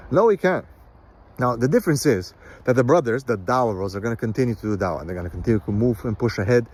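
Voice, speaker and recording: A man giving a blunt, lecturing monologue as a counselor and commentator, sometimes mocking others in a higher voice. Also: a little mellow. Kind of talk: opinionated monologue.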